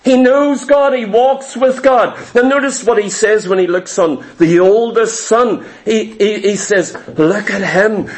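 A man preaching a sermon to a congregation, with an emphatic, repetitive cadence. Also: very high-pitched.

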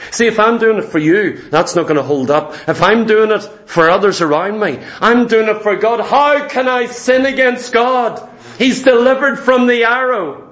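In an echoey church, a man with a very high, slightly bright voice preaches a sermon at a moderate pace. He fills it with rhetorical questions aimed at the congregation, and the sound rings around the room.

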